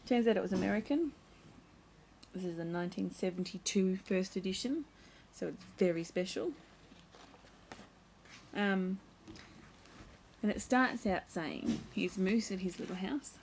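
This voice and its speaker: A woman's voice: medium pitch, unhurried, long pauses, a little mellow, slight background noise, rough recording. A young woman vlogging at home, chatting casually as she shows and reads from a children's picture book, full of playful asides.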